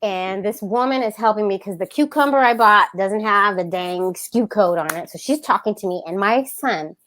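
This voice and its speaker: A woman, co-hosting a casual podcast chat, telling animated stories and acting out her toddler. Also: mid-range voice, normal speed. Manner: animated storytelling, laughs often, acts out her toddler. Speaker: podcast co-host.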